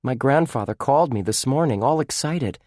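A man's voice: medium pitch, lively intonation, normal speed, a little mellow, dry recording, clean studio sound, voice pushed up, natural voice. A man voicing a glum boy who explains a theft in a storybook reading. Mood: explaining. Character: boy upset about a theft.

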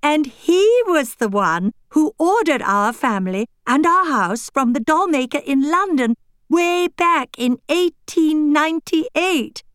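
A woman reading a children's storybook aloud in a gentle, expressive manner. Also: high-pitched, takes it slowly, no room sound, studio quality. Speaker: audiobook reader. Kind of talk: storybook narration.

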